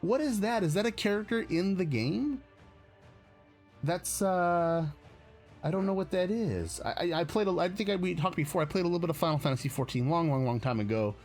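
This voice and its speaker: A man's voice: high-pitched, expressive, a little fast, a little mellow, faint music behind. A man from the United States hosting a live stream, chatting casually in a rambling, self-correcting way with frequent chuckles. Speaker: streamer host.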